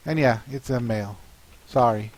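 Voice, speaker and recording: A comic artist, speaking in a medium-pitched, slightly mellow voice, mulls over a comic he is planning. His thinking aloud is halting and musing, full of pauses and fillers, and the recording is rough.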